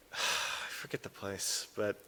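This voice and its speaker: A man speaking at a memorial, reading a short tribute haltingly, with sighs and restarts. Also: pushed and bright.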